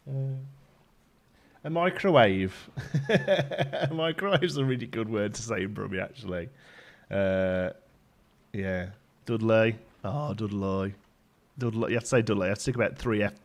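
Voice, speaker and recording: A man in his thirties with a softened Midlands accent, hosting a game livestream in rambling, chatty talk and laughing often. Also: on the low side. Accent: softened Midlands English. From English Midlands. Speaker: livestream host. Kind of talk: casual chat while streaming a game.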